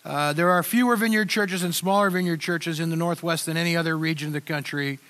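Preaching in an easygoing manner, this older pastor has a steady, slightly bright voice that sits high for a man. His sermon sounds unscripted and conversational, with frequent stops and restarts as he talks straight to his church.

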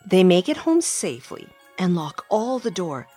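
A woman hosting a children's story podcast, reading a rhyming picture book aloud in an animated, expressive way. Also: lowish voice, moderate pace, few pauses, slightly rough, soft background music. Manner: animated, expressive, warm-hearted.

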